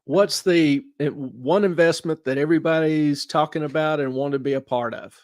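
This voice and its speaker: A man's voice: on the high side, moderate pace, a little mellow, no room sound, clean studio sound. A man hosting a money show, explaining investing in a folksy way by asking questions and answering them himself. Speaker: show host, investment adviser. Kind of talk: explaining investing in a studio chat.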